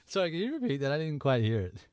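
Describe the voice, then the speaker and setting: Lively, teasing male co-host. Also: a little high, rapid-fire, smooth, no room sound, clean studio sound. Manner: teasing, laughs a lot. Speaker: podcast co-host. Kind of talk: casual podcast banter.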